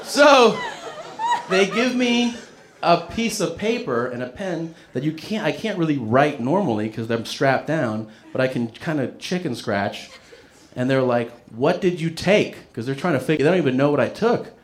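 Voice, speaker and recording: Animated man telling a wild story. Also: normal speed, some chatter behind. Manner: animated, swears, acts out quotes with big pitch jumps. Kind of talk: casual comedic storytelling.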